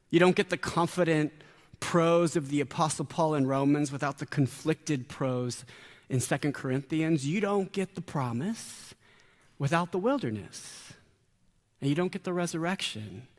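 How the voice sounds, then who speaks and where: Pastor preaching in a reverberant hall. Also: male voice, on the high side. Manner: conversational, with dramatic pauses and quoted voices. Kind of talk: sermon.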